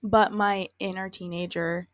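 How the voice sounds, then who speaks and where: Late-twenties female podcast co-host, casual and chatty, mid pitch, dry studio sound. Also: level tone, measured pace, no echo. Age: 20s. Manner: chatty, rambling, laughs easily. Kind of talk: casual chat.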